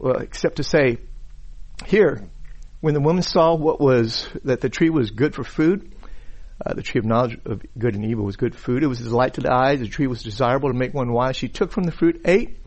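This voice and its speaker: A man who is a pastor, delivering a sermon in an unhurried way, often repeating words as he thinks and reading scripture aloud. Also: mid-range voice, darkish tone, lo-fi sound. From Chinese background.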